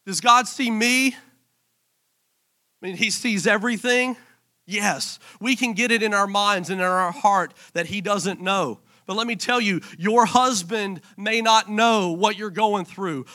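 A man in his thirties preaching a sermon in church, impassioned, dropping to a hush and then rising to emphatic lines. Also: sits high. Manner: impassioned, swinging from hushed to emphatic. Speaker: pastor.

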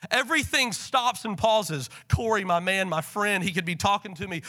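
A man preaching a sermon to a church congregation, animated, swinging between soft and loud passages. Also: high voice, normal speed, few pauses. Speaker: pastor. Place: church sanctuary.

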